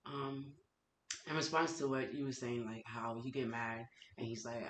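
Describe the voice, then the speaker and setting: A man in casual podcast chat, calmly explaining his view. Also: mid-range voice, normal speed. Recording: echoey room recording with faint hiss.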